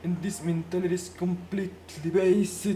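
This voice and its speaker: A woman with a fairly low voice talks on a live stream in non-native English, her first language Spanish. She repeats phrases as she hunts for words. She plays both sides of an imagined argument, tossing questions back at herself. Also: steady tone, normal speed, mellow, slight background noise. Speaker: livestreamer. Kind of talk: rambling live-stream monologue.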